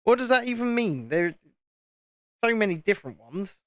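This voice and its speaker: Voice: medium pitch, animated, normal speed, a bit bright, no room sound, clean studio sound. A speaker with a Southern English home counties accent, hosting a live stream and chatting casually while building, often repeating words. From England, home counties. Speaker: livestream host.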